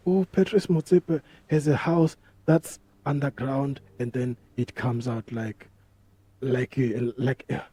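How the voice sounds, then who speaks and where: A man's voice: mid-range voice, steady tone, takes it slowly, dark tone, husky. A man hosting a podcast, talking casually in a rambling, profane way full of street slang. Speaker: podcast host. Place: podcast studio.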